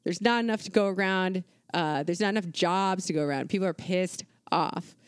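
A woman's voice: lowish voice, moderate pace, clean tone, dry recording, clean studio sound. A woman co-hosting a casual history podcast, talking in an irreverent, profane, conversational way with plenty of fillers. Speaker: podcast co-host.

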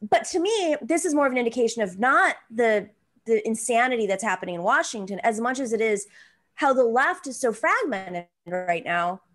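A woman hosting a political talk show, talking in an animated, rambling and self-deprecating way. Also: on the high side, moderate pace.

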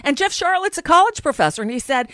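A woman's voice: high-pitched, very animated, fast, pushed and bright, no echo, clean studio sound. A woman hosting a radio talk show, chatting casually and sympathetically with her co-hosts.

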